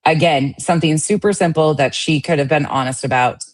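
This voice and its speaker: A woman's voice: sits low, a little fast, dry recording. A woman co-hosting a podcast, speaking bluntly and dismissively in casual commentary. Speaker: podcast co-host.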